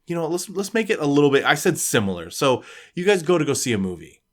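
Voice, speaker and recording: A man's voice: fairly high pitch, big pitch swings. A man co-hosting a casual podcast, talkative and full of fillers, setting up a scenario. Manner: talkative, many fillers, drops into quick put-on voices. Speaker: podcast co-host. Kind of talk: casual chat, posing scenarios.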